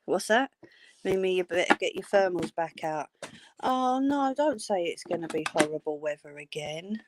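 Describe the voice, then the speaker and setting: A woman's voice: on the low side, lively intonation, moderate pace, noisy background. Lady chatting on a craft stream, reading out comments, affectionate and easygoing. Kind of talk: casual chat with live viewers.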